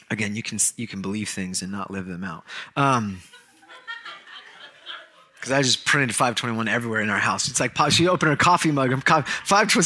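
A man preaching a sermon in church, telling a story with jokes and quick asides. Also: mid-range voice, vocal fry, sharp tone, a little hiss or hum. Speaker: pastor.

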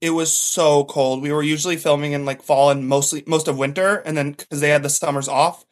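A man's voice: a little high, fairly even intonation, a little fast. A man talking as a podcast guest, a chatty storyteller who fills his talk with "like". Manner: chatty storyteller, heavy use of "like". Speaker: podcast guest, former TV extra. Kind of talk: casual chat.

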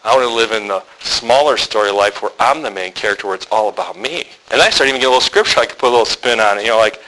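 Bright-voiced man telling stories in a sermon. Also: fairly low pitch, very fast, hardly any pauses, a little hiss or hum, rough recording. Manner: candid, joking storyteller who acts out quotes. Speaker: men's ministry speaker. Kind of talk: storytelling sermon to men.

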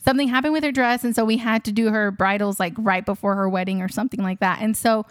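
A woman's voice: mid-range voice, fairly even intonation, quick pace, dry recording, studio quality. A woman who is a wedding photographer and host, telling a story casually to her listeners, chatty with many fillers and frequent laughs.

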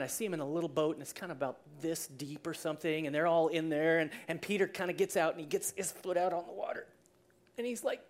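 Preacher telling a story in a sermon: lively, chatty, acts out the scenes. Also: medium pitch. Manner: conversational, with restarts and asides.

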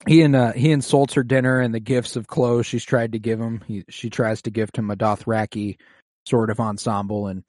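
Dude recapping a show, swears a lot, laughs, dry close sound. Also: male voice, mid-range voice, moderate pace, no room sound. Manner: animated, profane, laughs often. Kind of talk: casual show recap chat.

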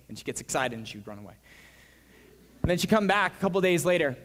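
A young man preaching a sermon, telling a story with bursts of excitement and hushed, quiet stretches. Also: on the high side, quick pace. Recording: long reverb of a large hall.

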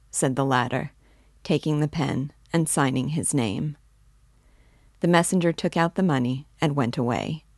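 Low-voiced woman reading a classic novel. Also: moderate pace, dry recording, clean studio sound. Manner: steady, clear narration. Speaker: audiobook reader and literature guide.

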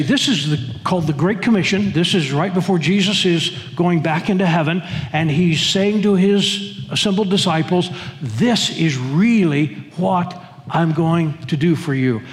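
High-voiced pastor in a reverberant hall. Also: male voice. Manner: emphatic, repeats words and restarts. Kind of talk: sermon. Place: church sanctuary.

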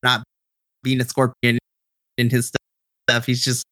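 A man's voice: medium pitch, completely flat delivery, measured pace, pushed and bright, no room sound. Chatty male game master, dry close sound. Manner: chatty, laughing often, explaining rulings. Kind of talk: running a tabletop game.

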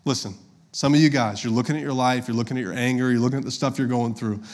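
Pastor, man in his thirties, casual storytelling sermon, middle-pitched voice. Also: fairly even intonation, fast. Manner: conversational, personal storytelling with direct audience address.

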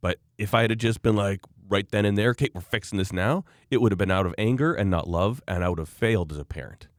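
A low-voiced man hosts a podcast and states his firm views with preachy emphasis. The recording is dry and close-miked. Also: fast, dry recording. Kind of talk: casual podcast chat.

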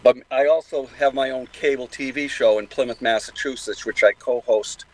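A man's voice: mid-range voice, fairly even intonation, moderate pace, poor audio. An older man with a Boston accent, talking at length as a guest in a casual interview, rambling with many fillers and restarts. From New England.

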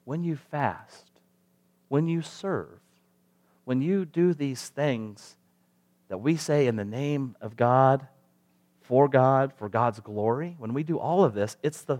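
A man's voice: mid-range voice, animated, a little slow, darkish tone. A male pastor preaching a sermon in a conversational way, asking the congregation rhetorical questions.

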